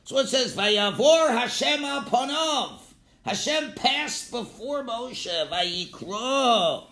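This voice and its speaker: Male Torah teacher, lively lecture delivery, bright and forceful tone, calls out examples loudly. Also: very high voice, takes it slowly. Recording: echoey room.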